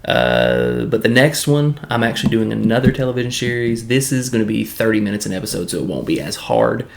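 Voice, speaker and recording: Gravelly, low-voiced Tennessee man. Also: big pitch swings, brisk, a little hiss or hum. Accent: Southern US, Tennessee. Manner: rambling, loose, many fillers and restarts. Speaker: video reviewer. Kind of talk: casual video review.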